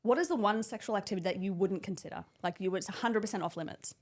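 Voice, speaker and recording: Quick-talking young woman cohost, swears a lot, acts out what ppl said. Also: mid-range voice. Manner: animated storytelling, acts out quotes, swears freely. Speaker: podcast co-host. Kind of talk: casual chat.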